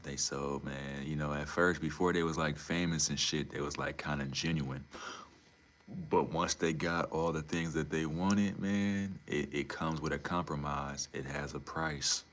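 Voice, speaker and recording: A young man chats casually on a livestream at a measured pace. He's animated and profane, swinging from low mutters to loud, incredulous outbursts.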